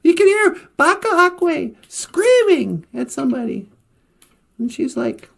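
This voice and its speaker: Gravelly woman telling a story. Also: sits high, takes it slowly. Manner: laughs often, chatty, relaxed. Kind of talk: casual oral storytelling on a livestream.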